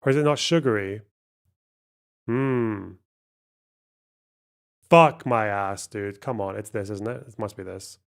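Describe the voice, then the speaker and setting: His voice is fairly low and gravelly, delivered at normal speed. Hosting a laid-back live stream, he reads donations and works aloud on a word puzzle, swearing and muttering along the way.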